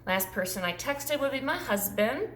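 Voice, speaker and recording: A woman's voice: fairly high pitch, lively intonation, moderate pace, fairly bright tone, reverberant, a little hiss or hum. A woman in her forties chatting casually through a tag video, rambling with frequent ums. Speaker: YouTuber.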